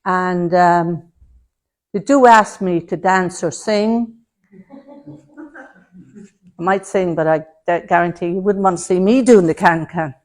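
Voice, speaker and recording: Fairly low in pitch and fairly even in intonation, this woman speaks a little slowly and pauses often. She is demonstrating mediumship before an audience in a spiritualist centre hall, chattily relaying messages in quotes and addressing people as love and darling.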